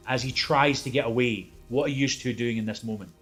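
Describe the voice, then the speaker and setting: A man narrating a tabletop game as game master, lively and laughing often, with loose asides. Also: medium pitch, brisk, few pauses, faint music behind.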